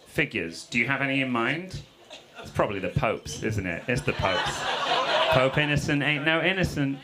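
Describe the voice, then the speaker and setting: A man's voice: mid-range voice, expressive, normal speed, very noisy. A man, a comedian and freestyle rapper, doing playful, teasing crowd work on a club stage and laughing between quips. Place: comedy club stage before a live audience. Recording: live band music loud behind the voice.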